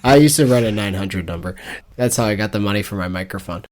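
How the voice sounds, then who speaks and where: Young man, podcast co-host, low voice, casual rambling chat, lots of fillers. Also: expressive, quick pace, darkish tone, slight background noise. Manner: chatty, rambling with many "like"s. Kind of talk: casual book-club chat.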